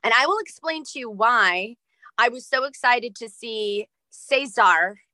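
A woman's voice: fairly high pitch, animated, measured pace, bright, forceful tone, no room sound. A woman co-hosting a podcast, talking in an effusive, casual way. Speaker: podcast co-host. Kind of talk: casual chat.

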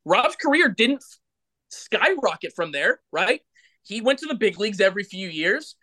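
A man hosts a casual podcast with a bright, forceful edge to his slightly high voice. He rambles warmly through his points, pressing on each one with emphasis. Restarts and fillers run through his talk. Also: very animated, moderate pace. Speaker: podcast host, former ballplayer.

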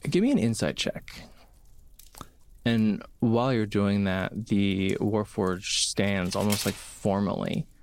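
A man narrating a tabletop game as game master, in a casual, relaxed way with many fillers. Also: fairly low pitch, takes it slowly, clean tone.

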